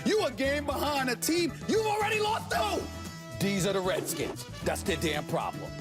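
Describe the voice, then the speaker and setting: A man in his forties argues on a sports debate show in an emphatic, sarcastic rant, and at times he mock-sings. His voice sits high for a man. Faint music plays underneath. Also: huge pitch swings, moderate pace.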